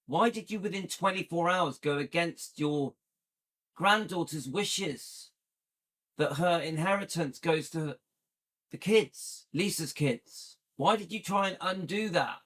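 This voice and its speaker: A man's voice: fairly high pitch, slow pace, fairly bright tone. A man hosting a commentary channel, reacting indignantly and firing repeated rhetorical questions.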